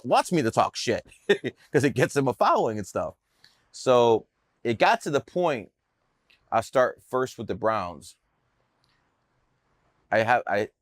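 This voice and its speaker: A man's voice: on the low side, no echo, studio quality. A man telling stories in a casual interview, brash, boastful and profane. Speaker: podcast guest telling his story.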